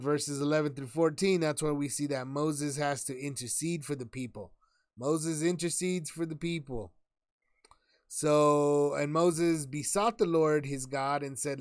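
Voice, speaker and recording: A man's voice: on the high side, a little mellow, dry recording, clean studio sound. A man leading a casual Bible study, rambling with many fillers and restarts and reading scripture aloud.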